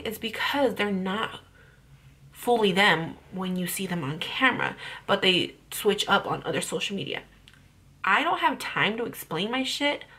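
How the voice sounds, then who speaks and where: Husky young mom vlogger ranting, blunt and sweary, fired up. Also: female voice, mid-range voice, bright, forceful tone. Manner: blunt, profane, heated. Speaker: parenting vlogger. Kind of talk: blunt vlog rant.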